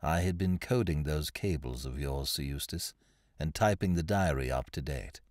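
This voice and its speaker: A man reading the lines of a meek, put-upon male secretary in an audiobook, quiet and deferential. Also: a bass voice, normal speed, no room sound, studio quality, voice pushed down.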